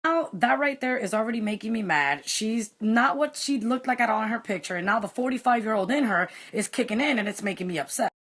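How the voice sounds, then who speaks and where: A young woman casually telling a story, animated, slipping Spanish phrases in among many "like" fillers. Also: on the high side, brisk, hardly any pauses, husky. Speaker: vlogger.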